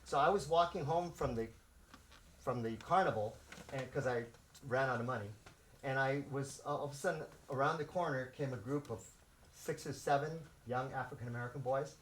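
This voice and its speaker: A man in his sixties who grew up in Los Angeles, a martial arts instructor telling stories to his students and acting out the shouts, laughing often. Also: mid-range voice, a little fast, a little hiss or hum. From South Central Los Angeles. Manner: animated, acts out shouts and quotes, laughs often. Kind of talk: storytelling to students.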